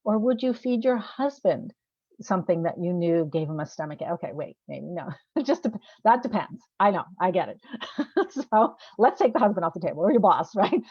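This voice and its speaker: A woman coach with a lowish voice chats casually to the camera, asking rhetorical questions and laughing at herself. The recording is dry and dull-sounding.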